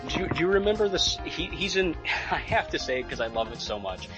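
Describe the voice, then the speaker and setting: A man in his late thirties co-hosting a casual podcast, rambling excitedly with lots of fillers and swearing. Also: a little high, brisk, music in the background. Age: late 30s. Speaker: podcast co-host.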